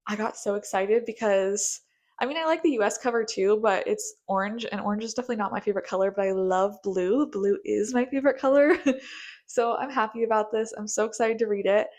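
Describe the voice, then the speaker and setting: A woman's voice: mid-range voice, fairly quick, a little mellow. Bubbly young woman gushing about books. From United States. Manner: bubbly, gushing, filler-heavy with frequent likes. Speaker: book vlogger. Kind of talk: casual chat.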